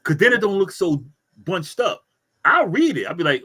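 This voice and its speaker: A man with a high, bright voice co-hosts a casual talk show. His pitch swings widely as he tells animated stories and acts out his own reactions, mimicking what he says to people. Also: moderate pace, slightly rough. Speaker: co-host. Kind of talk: casual chat.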